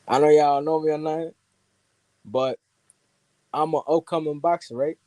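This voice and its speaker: Teen New York caller, mellow dark voice, dry sound. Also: male voice, a little high, fairly even intonation, unhurried, no echo. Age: teens. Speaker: guest caller, amateur boxer. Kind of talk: casual chat.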